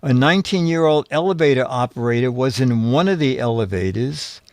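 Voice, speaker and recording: A man hosting a casual comedy show, reading out photo captions and trading jokes in an unhurried way. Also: mid-range voice, no echo. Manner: unhurried, reads captions aloud with dry jokes.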